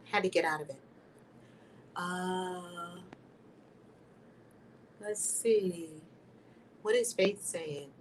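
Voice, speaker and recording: A woman hosting a spiritual channel, teaching with emphatic, preacher-like energy that swings between loud exclamations and hushed whispers. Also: on the low side, drawn-out words, pauses often. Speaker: host of a spiritual video channel. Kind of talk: impassioned spiritual teaching to camera. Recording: somewhat distant mic with faint background noise.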